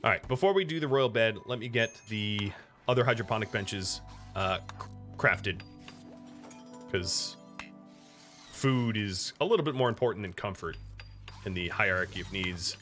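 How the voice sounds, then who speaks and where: A man with an American accent chats his way through a game stream, reading viewer messages as he goes. His voice is bright and his pitch swings in a lively way. Faint music plays under him. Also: moderate pace, pauses often. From United States. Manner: chatty, talks to chat and to his pet between game moves. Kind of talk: casual gameplay commentary.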